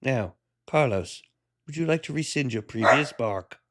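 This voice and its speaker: A man's voice: mid-range voice, animated, measured pace, very noisy, natural voice. A man voicing a smug, condescending male robot AI that speaks in precise, superior tones and quotes odds. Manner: precise, superior, calculating percentages.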